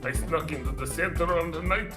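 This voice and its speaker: A man's voice: sits high, big pitch swings, normal speed. A man from Poland voicing a proud male space center director in a fan voice-acting read of a game script, using a put-on Russian accent and a grandiose delivery. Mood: solemn. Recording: roomy echo with music behind.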